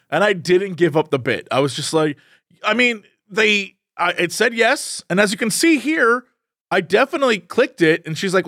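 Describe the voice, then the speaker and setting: A man with a high, lively voice that jumps around as he tells a story. He chats casually on a podcast and acts out the people he quotes. The sound is close and dry, with no room around it. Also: normal speed, dry recording. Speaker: podcast co-host. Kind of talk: casual chat.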